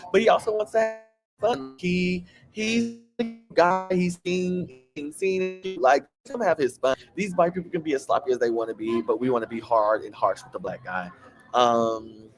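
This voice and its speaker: A man with a Southern US country twang hosting a casual, gossipy chat full of sassy asides. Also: mid-range voice. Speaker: host.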